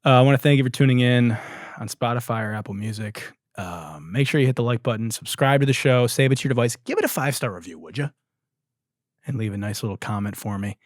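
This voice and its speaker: A man hosts a comedy podcast, swearing freely and sounding exasperated, with his voice swinging widely in pitch. He is recorded dry and close, with no room sound. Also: expressive, quick pace, no echo. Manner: profane, exasperated, laughs a lot. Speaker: podcast host. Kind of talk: comedic commentary.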